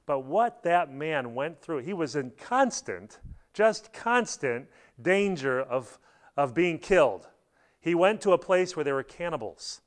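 A middle-aged man delivers a sermon to his church. His voice sits a little on the high side, and he tells his stories in an animated way, now and then breaking into loud, high bursts as he acts out a quote. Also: unhurried. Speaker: pastor.

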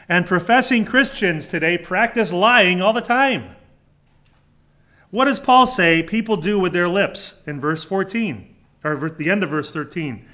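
A man's voice: high voice, pushed and bright. A male pastor preaching a sermon, emphatic and fond of rhetorical questions.

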